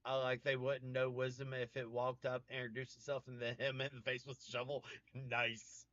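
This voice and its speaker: A mid-range male voice, fairly bright in tone, speaks at normal speed with a completely flat delivery and no room sound. He's a livestream host from the American South, joking casually, trading puns, and greeting viewers by name. The dry mic sounds slightly muffled.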